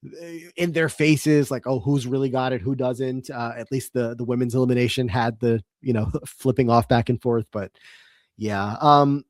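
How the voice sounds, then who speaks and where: A man co-hosting a podcast, recapping episodes in a relaxed, rambling way with many fillers. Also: mid-range voice, normal speed, dry recording, clean studio sound. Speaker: podcast co-host. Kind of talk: casual podcast recap chat.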